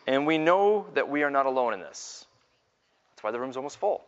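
A middle-aged man giving a live faith talk as a Catholic speaker, telling self-mocking stories to an audience in a large hall and building to loud exclamations. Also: medium pitch, expressive, a little fast, smooth. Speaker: Catholic speaker and Scripture teacher. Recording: dull lo-fi sound with long hall reverb.

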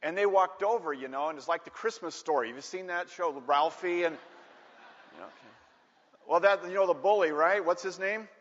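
A man preaching a sermon through a personal story, animated and acting out the voices of the people in it, in a large church hall. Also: high-pitched, moderate pace. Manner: animated, acts out voices in stories. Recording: dull echoey hall recording.

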